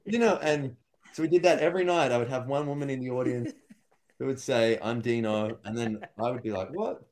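A young man chats in a relaxed podcast conversation. He spins long, rambling stories about his comedy shows and puts on quick voices for the people in them. His pitch sits at an ordinary middle level for a man. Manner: rambling storyteller, acts out quotes. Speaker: stand-up comedian. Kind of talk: casual podcast chat.

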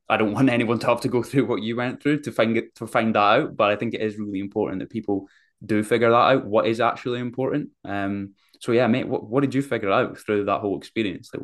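A man's voice: lowish voice, fairly even intonation, a little fast. A man hosting a podcast, chatting casually with his guest, laid-back and rambling as he builds up to his questions. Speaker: podcast host. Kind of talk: casual interview chat.

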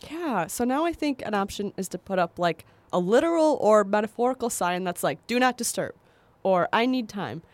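Lively nasal woman. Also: medium pitch, normal speed, no room sound. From American Midwest. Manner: playful, laughs often, upbeat. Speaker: podcast co-host giving advice. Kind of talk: casual chat.

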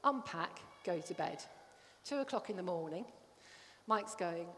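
A woman's voice: fairly low pitch, expressive, unhurried, fairly bright tone, a little hiss or hum. Middle-aged woman, sermon delivery, earnest and personal, recorded in a reverberant church hall. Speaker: church speaker.

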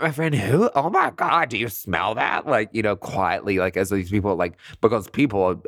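A podcast host telling a comedic personal story in a chatty, animated way, laughing often. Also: mid-range voice, no echo, studio quality.

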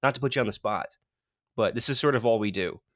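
A man's voice: medium pitch, quick pace, a bit bright, no echo, clean studio sound. A man co-hosting a podcast in casual chat, joking and laughing often. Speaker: podcast co-host.

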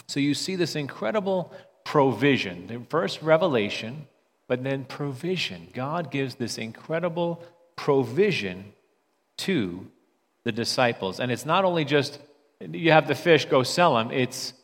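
A man's voice: medium pitch, lively intonation, a little slow. Conversational male preacher in a reverberant hall. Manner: conversational, repeats words when restarting. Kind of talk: sermon.

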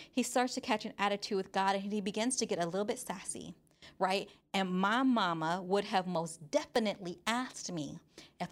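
A young woman preaches with a playful, animated delivery. She reads scripture and breaks into acted-out voices of teenagers and parents. Her voice sits at a medium pitch. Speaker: youth minister. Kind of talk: sermon.

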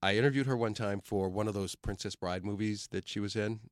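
Middle-aged man, film show host, animated storyteller, quick talker, dry sound. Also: fairly low pitch, no echo. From Detroit, USA. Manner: animated storyteller who acts out quoted voices. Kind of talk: casual anecdote-telling chat.

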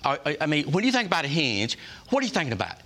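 Like a preacher, a man rallies his staff during a culture talk, circling back to the same phrases and firing questions at the room in a folksy, emphatic way. His voice sits high for a man, ringing bright and forceful, with wildly swooping pitch and a rapid-fire delivery.

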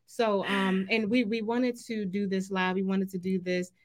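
A woman's voice: mid-range voice, level tone, moderate pace. A woman co-hosting a live show, speaking earnestly with many fillers and faith phrases. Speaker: co-host. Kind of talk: casual live show chat.

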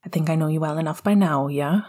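A woman voicing an exhausted, gentle teenage boy wizard who speaks softly and tiredly, with a husky voice. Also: sits low, quick pace. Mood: weary. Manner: tired, soft and whispery.

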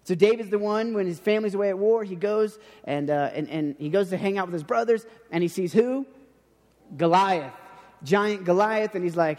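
A man's voice: sits high, normal speed, darkish tone, long reverb tail. A man giving a casual sermon, talking loosely with many restarts and acting out the people in the story. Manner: chatty, repeats words and restarts, acts out quoted speech. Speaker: preacher.

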